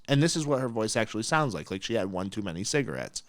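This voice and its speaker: A podcast host tells a story in a blunt, animated way, with his pitch swinging up and down. His voice is dry and close to the mic, with no room sound. He acts out quotes and laughs easily. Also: quick pace, few pauses, no room sound. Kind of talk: casual storytelling.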